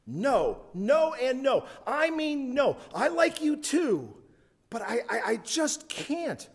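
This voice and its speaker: A man's voice: extremely high pitch, very animated, slow, husky, big-room sound, voice pushed up, full character voice. A man voicing a frantic teenage girl who stammers while turning down a kiss. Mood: flustered. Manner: pleading, flustered, stammering.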